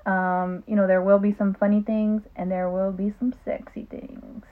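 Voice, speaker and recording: A woman's voice: medium pitch, little pitch movement, moderate pace. Woman chatting on a podcast, laughs a lot, lots of ums, tinny phone sound. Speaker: podcast co-host. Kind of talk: casual chat.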